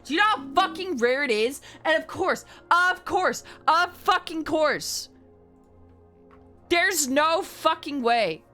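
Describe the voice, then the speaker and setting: Woman streamer with a bright, sharp voice and faint music behind her, chatting casually, swearing freely, quick to shout. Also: high-pitched. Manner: excitable, swears a lot, swings between shouting and mumbling. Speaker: livestreamer. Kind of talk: casual livestream chat.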